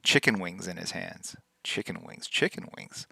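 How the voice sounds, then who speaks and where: A man's voice: sits low, animated, normal speed, gravelly, bright, forceful tone, breathy edge, no room sound, studio quality. A man hosting a live drawing stream, chatting casually and playfully with his chat while he works, teasing them and repeating words to practice saying them.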